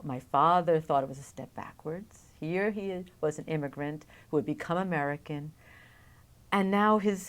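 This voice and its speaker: Middle-aged woman, low voice, wry reflective storyteller, oral history interviewee.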